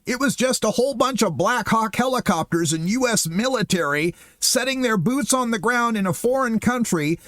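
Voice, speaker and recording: A man hosting his own political show rants with sarcastic disbelief. His fairly high voice swoops up and down with lively emphasis, and it sounds close and dry with almost no room sound. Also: moderate pace, few pauses, no echo. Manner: sarcastic, incredulous, animated ranting. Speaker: political commentary show host.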